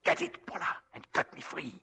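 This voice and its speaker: An actor playing a scheming husband who coaxes and pleads, in 1940s radio acting. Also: male voice, brisk, sharp tone, lightly acted. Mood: urgent. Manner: coaxing, then desperate.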